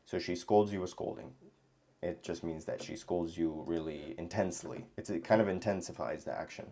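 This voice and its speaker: A man teaching grammar in a casual lesson, thinking aloud with many pauses and restarts. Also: low voice, mellow. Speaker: language teacher.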